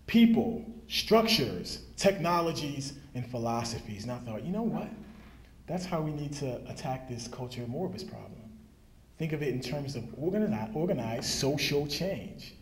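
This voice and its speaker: A man who writes and teaches management, giving an animated public talk full of anecdotes and asides. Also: medium pitch, normal speed, a little hiss or hum. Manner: animated, anecdotal, frequent "right?". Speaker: speaker, author and management teacher. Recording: echoey hall.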